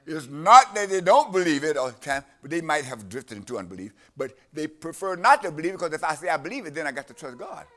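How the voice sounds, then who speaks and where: Male preacher, sermon delivery, emphatic, repeats himself; high and bright, swings widely in pitch. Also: very animated, fast talker, few pauses. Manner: emphatic, repeats phrases, call-and-response with the reader.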